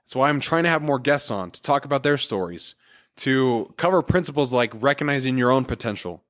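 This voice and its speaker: A man hosts a solo motivational podcast, sounding earnest, encouraging and casual, with everyday fillers. His medium-pitched voice is animated, brisk and a bit bright.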